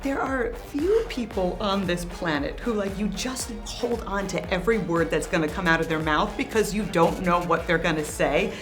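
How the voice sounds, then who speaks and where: A woman's voice: fairly low pitch, moderate pace, few pauses, over music. Chatty woman entertainment reporter. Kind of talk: press junket interview.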